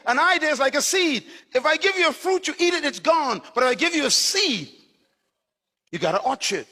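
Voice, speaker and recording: A man's voice: very high-pitched, big pitch swings, a little fast, bright, forceful tone, long reverb tail. A man preaching a sermon as a pastor, delivering short punchy phrases and telling stories to his congregation.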